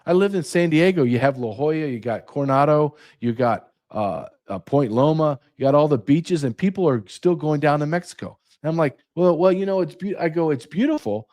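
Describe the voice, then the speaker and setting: A man's voice: fairly high pitch, brisk, few pauses, darkish tone. A middle-aged American man hosting his own show, ranting with sarcasm and piling up rhetorical questions. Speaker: podcast host. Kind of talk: ranting monologue.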